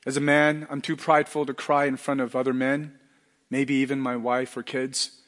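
A middle-aged male pastor preaching a sermon earnestly, dropping to a hush and then rising to loud emphatic lines. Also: mid-range voice, level tone, moderate pace, big-room sound.

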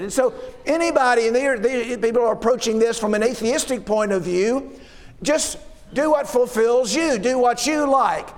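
High-voiced preacher in a reverberant hall. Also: male voice. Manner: asks rhetorical questions and restarts words. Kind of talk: sermon.

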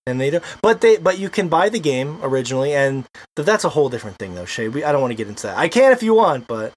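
Higher-voiced man in joking banter. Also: very animated, quick pace. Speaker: podcast co-host. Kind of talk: casual gaming podcast chat.

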